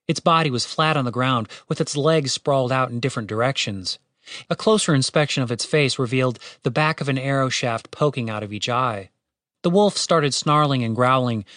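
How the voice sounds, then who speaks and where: A man narrates a fantasy audiobook in a steady, wry storytelling manner, swearing casually along the way. His pitch is medium, and the recording is clean studio sound with no room noise.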